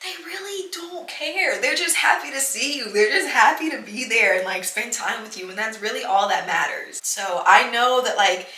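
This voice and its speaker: A woman's voice: on the high side, lively intonation, moderate pace, hardly any pauses, pushed and bright. A young woman hosting a podcast, talking in an earnest, reassuring way full of "like" and "you know". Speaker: podcast host. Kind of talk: casual heartfelt monologue. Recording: echoey room.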